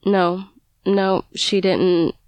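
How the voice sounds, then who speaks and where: A young woman recounting a painful memory as an interview guest, halting and sighing, stumbling over her words. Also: mid-range voice, fairly even intonation, a little mellow, clean tone, no echo. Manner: halting, stammers and sighs while recalling. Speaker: guest telling her story. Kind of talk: emotional first-person account.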